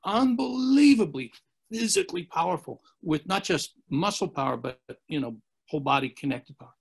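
A gravelly man telling stories as a podcast guest, rambling from one anecdote to the next. His voice sits a little high for a man and has a husky grain, and he slips into the voices of the people he quotes. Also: animated, normal speed. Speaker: interview guest. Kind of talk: storytelling in a podcast interview.

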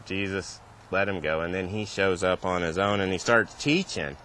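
A man's voice: low-pitched, moderate pace, a bit bright, slight background noise. A male pastor giving a sermon in a church, retelling scripture in a casual, conversational way.

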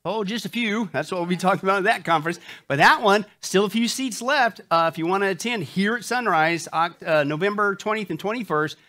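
A man's voice: high voice, brisk, few pauses, bright, forceful tone. A male pastor giving church announcements and an opening prayer, upbeat and joking, often saying "that's right". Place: church sanctuary before a live congregation.

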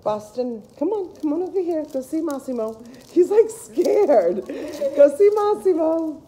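A woman's voice: sits high, expressive, measured pace, warm tone, slight background noise, low-quality recording. A woman hosting a casual family home video at home, coaxing a dog in a sing-song voice. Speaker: host.

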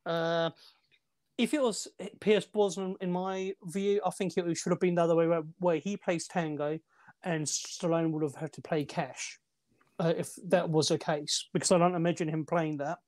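A man's voice: fairly high pitch, steady tone, normal speed, a little mellow. A man co-hosting a casual movie review chat, rambling through film trivia with restarts and fillers. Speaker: movie podcast co-host.

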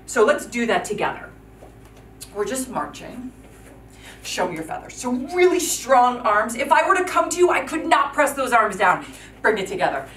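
In this kids' yoga class, a woman with a slightly high, sing-song voice gives cheerful, encouraging instructions and counts out the moves at a normal speed. Her tone is a bit bright, and there's a little hiss or hum. She's recorded from a distance in an echoey room.

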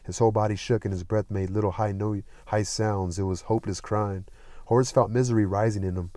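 A man narrates a classic novel in a calm, even reading voice. His tone sits low and mellow, recorded close and dry with no room sound. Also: fairly quick, no echo. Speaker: audiobook reader. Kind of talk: scripted narration with light character voicing.

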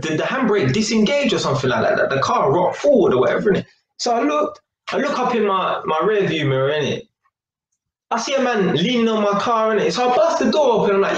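A man's voice: sits high, big pitch swings, a little fast, highs cut off. A young man with a London accent, telling a street story to camera in casual, slangy chat full of "innit" and "yeah". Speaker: vlogger. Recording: echoey room with faint noise.

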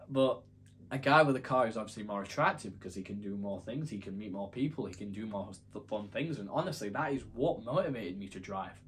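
A man's voice: on the low side, animated, brisk, a little hiss or hum. A young man telling a story to camera in a casual, rambling, self-deprecating way. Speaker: YouTuber.

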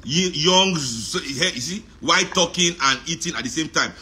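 A middle-aged Nigerian man with a Nigerian accent, talking in a joking, animated monologue that mixes in Pidgin and Yoruba. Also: a little high, moderate pace. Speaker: musician talking on a live stream. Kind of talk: casual monologue.

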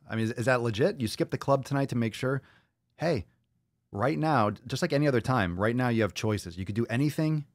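A man's voice: lowish voice, dry recording, clean studio sound. A man hosting a live podcast, swearing and joking loosely while reacting to viewer comments. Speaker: podcast host. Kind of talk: live-stream podcast chat.

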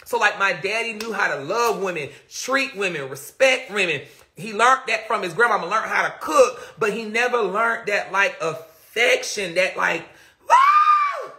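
Very high-pitched, bright animated man. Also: moderate pace. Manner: animated, dramatic retelling with outbursts. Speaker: live-stream host. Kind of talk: casual storytelling to live viewers.

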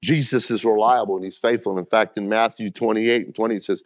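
A man's voice: fairly low pitch, steady tone, fast, dry recording, studio quality. A middle-aged man preaching a sermon as pastor, talking plainly and directly to the congregation and calling for responses.

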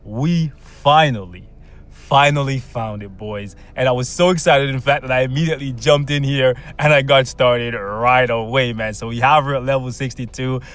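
A man hosting a gaming channel, talking through gameplay in a casual, excitable way, coaxing his luck with slang and bursting into cheers. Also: medium pitch, moderate pace. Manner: bursts into loud shouts and cheers when excited; coaxes the game with slang and pet names.

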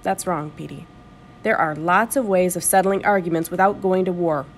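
A woman reading the part of a stern, weary old grandfather who lectures slowly and gravely. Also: on the low side, slight background noise, close to an everyday voice.

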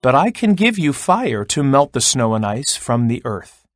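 A man voicing a wise male sun in a children's storybook read-aloud, speaking calmly and in a measured way. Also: mid-range voice, no echo, clean studio sound, close to an everyday voice.

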